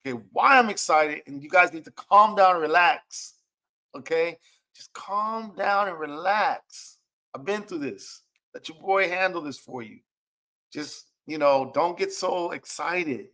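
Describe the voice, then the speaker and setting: A man's voice: a little high, moderate pace, sharp tone. A middle-aged man, a music producer, giving casual commentary, chatty and often checking in with "okay?". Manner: chatty, repeats "okay?" to check in with listeners, acts out quotes.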